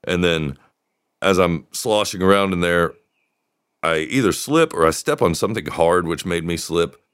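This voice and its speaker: A man's voice: deep voice, normal speed, a bit bright, clear, resonant tone, dry recording, clean studio sound. A middle-aged man co-hosting a podcast, telling rambling stories in a wry, casual way. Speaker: podcast co-host. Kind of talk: casual chat.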